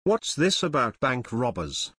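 A man's voice: medium pitch, sing-song, measured pace, a bit bright, husky, no echo, clean studio sound, exaggerated voice. A man voicing an authoritative Coast Guard officer giving orders in an audiobook. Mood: commanding. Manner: authoritative, commanding. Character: stern adult male Coast Guard officer.

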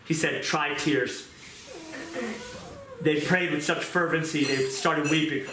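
A man preaching a fervent sermon, moving from pleading prayer to quieter scripture reading. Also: fairly high pitch, fairly even intonation, moderate pace, a crowd in the background. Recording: echoey room with noise.

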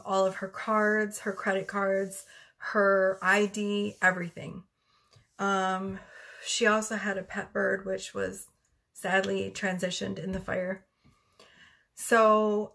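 A woman with a mid-range, slightly bright voice gives a casual tarot reading. She's chatty and rambling, corrects herself as she goes, and sounds a little out of breath.

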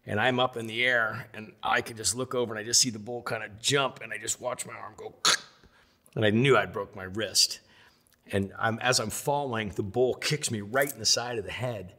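Low-voiced man telling animated stories. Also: normal speed. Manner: animated storyteller, acts out voices of others. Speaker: interview guest. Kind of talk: storytelling in a sit-down interview.

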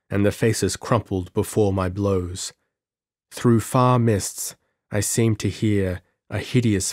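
A man narrating an audiobook in a measured, dramatic storytelling manner. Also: lowish voice, dry recording, clean studio sound.

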